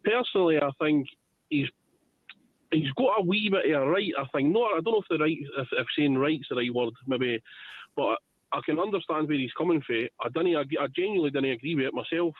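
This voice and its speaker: A man's voice: fairly high pitch, expressive, brisk. A man with a Scottish accent calling into a radio phone-in, hesitant and full of restarts and fillers. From Scotland. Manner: hesitant, many restarts and fillers, says "wee" and "ken". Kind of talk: casual call-in opinion. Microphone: telephone. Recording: tinny phone line.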